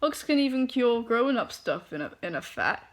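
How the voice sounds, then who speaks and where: A woman's voice: a little high, big pitch swings, normal speed. A woman voicing a cheerful little girl in big pajamas who asks sweet, earnest questions.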